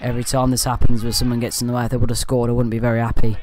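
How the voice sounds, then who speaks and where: Male fan commentator, mid-pitched, loose amateur match voice-over, keeps moving on with "anyway". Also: rapid-fire. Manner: rambling, leans on "anyway" and "uh" to move on; partisan, with excited bursts at good play.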